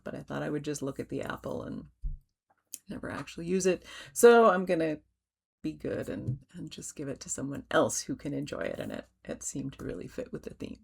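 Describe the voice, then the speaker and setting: A middle-aged woman hosting a stitching vlog, chatting gently with soft fillers and restarts and yawning now and then. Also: sits low, gravelly. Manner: yawns while talking. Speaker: cross-stitch designer and vlog host. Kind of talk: casual show-and-tell vlog.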